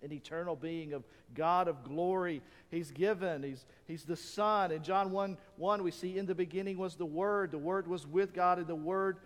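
A man's voice: high voice, normal speed, few pauses, long reverb tail. A man preaching a sermon, reading scripture and asking the congregation rhetorical questions. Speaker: pastor.

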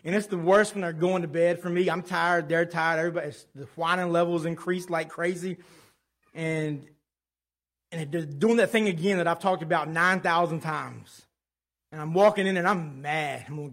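Animated conversational male preacher. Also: on the high side, normal speed. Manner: conversational and animated, with personal stories. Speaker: pastor. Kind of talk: sermon.

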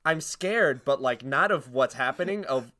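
Casting: young male podcast co-host, bright tense tone, rambly and giggly. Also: mid-range voice, lively intonation, a little slow. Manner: rambling, self-interrupting, giggly. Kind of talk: casual podcast chat.

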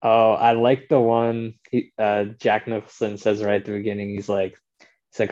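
A man's voice: fairly low pitch, level tone, normal speed, darkish tone, highs cut off. A man co-hosting a casual movie podcast, laid-back with short replies. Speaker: podcast co-host.

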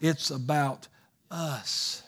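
A man's voice: fairly high pitch, fairly even intonation, extremely slow, a bit bright, slightly rough. A man preaching a sermon as pastor, plainspoken and folksy, raising his voice for emphatic calls to the congregation.

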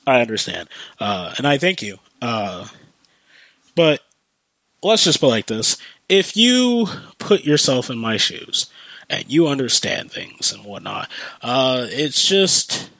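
A man's voice: medium pitch, very animated, slow pace, a bit bright, no room sound, low-quality recording. A man hosting a podcast, ranting casually with lots of fillers, restarts and swearing, while getting over a cold. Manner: rambling, profane, many fillers and restarts. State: recovering from a cold. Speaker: podcast host. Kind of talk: casual rant. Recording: dry close sound, new home mic.

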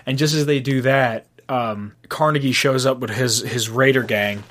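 A young man chatting about a film he loves, eager and rambling, with lots of "like" and restarts. His voice sits at a middle pitch. He retells scenes with gusto. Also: normal speed. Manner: excited, retells scenes with acted quotes and swearing. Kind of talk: casual movie chat.

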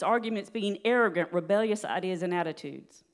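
A woman giving a sermon in an earnest, steady teaching manner, with light laughs now and then. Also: on the low side, normal speed. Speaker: preacher.

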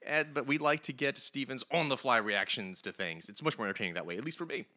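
A man hosts a casual podcast, chatty and upbeat, laughing easily between topics. His voice is very bright and forceful, at a middle pitch for a man. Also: quick pace. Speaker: podcast host. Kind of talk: casual comics news chat.

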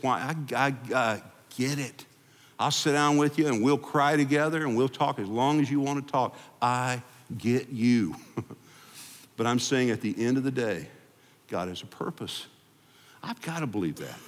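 Before a congregation in a church sanctuary, a male pastor with a lowish voice gives a freewheeling, conversational sermon, then drops to a hushed voice to lead a quiet closing prayer. The recording has a long hall reverb from the sanctuary.

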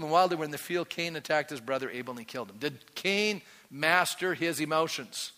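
A middle-aged pastor preaching a sermon with energy, quizzing the congregation with rising questions. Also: male voice, a little high, a little fast, bright, forceful tone, long reverb tail.

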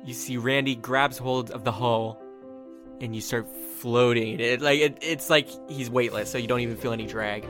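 Relaxed man narrating as game master. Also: mid-range voice, normal speed, faint music behind. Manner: relaxed, loose narration with fillers.

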